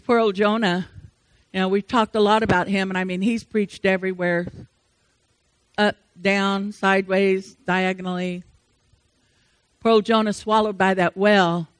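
An older woman preaching a sermon with emphatic rhetorical questions, swinging between loud rises and soft drops. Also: mid-range voice, no room sound.

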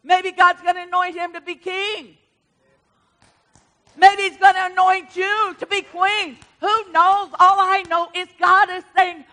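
High, bright-voiced woman preacher. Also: unhurried. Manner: animated, emphatic storytelling. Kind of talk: sermon.

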